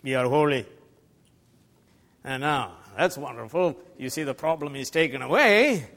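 A man preaching a sermon as pastor, emphatic, swinging between loud declarations and quiet asides. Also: medium pitch, lively intonation, normal speed, gravelly. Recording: long reverb of a large hall.

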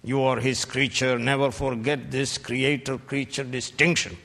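A man preaching a fiery sermon, rebuking his hearers and bursting into shouted peaks between slow, deliberate lines. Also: medium pitch, little pitch movement, vocal fry. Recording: long hall reverb.

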